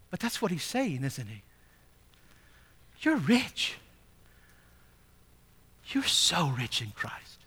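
A man's voice: medium pitch, very animated, unhurried, pauses often, fairly bright tone, breathy edge. A male pastor preaching a sermon, reading scripture aloud and asking the congregation rhetorical questions, rising to emphatic peaks.

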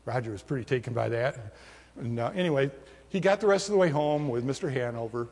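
A man's voice: medium pitch, animated, fast, a little mellow, long reverb tail. A man preaching a sermon as pastor, telling a story and leading prayer with an earnest manner.

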